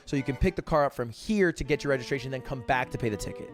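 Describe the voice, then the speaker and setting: A man voicing a curt, weary female DMV clerk, rattling off rules in a flat, rapid rundown. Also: mid-range voice, soft background music, voice pushed down, lightly acted. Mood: matter-of-fact.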